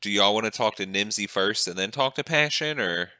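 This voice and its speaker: Easygoing guy playing a tabletop game, lowish voice but really bright, dry sound. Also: expressive, brisk, smooth, dry recording. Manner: easygoing, asks questions. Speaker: player. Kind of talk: casual game chat.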